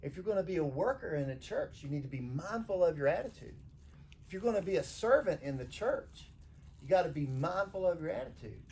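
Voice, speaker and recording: Animated pastor preaching casually. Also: male voice, high voice, brisk, slight background noise. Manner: animated, conversational, acts out quoted voices. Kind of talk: informal sermon to a small congregation. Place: church.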